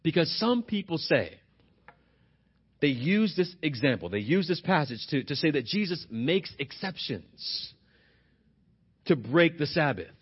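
A man's voice: a little high, big pitch swings, measured pace, pauses often, slightly rough, lo-fi sound. A pastor preaching a sermon, driving his points home with repeated rhetorical questions.

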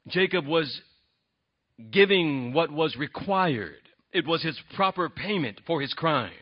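Earnest husky-voiced male preacher. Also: on the high side, animated, unhurried. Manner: earnest, swings between soft and emphatic. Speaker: pastor. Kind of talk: sermon. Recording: dull lo-fi sound.

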